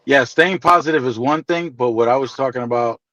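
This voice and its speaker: A man's voice: mid-range voice, fairly quick, fairly bright tone, dry recording, dull audio. A man in casual group chat, telling stories in a playful, teasing way.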